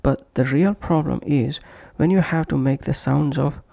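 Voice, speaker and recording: A man narrating a scripted English pronunciation lesson, slowly and deliberately repeating example phrases as drills. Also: a little high, creaky, mellow, dry recording, studio quality.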